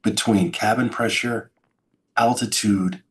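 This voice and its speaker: A man's voice: lowish voice, fairly even intonation, slow pace, a bit bright. A middle-aged man telling his story as an interview guest, acting out sounds and quoted lines with dramatic flair. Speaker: podcast guest, keynote speaker.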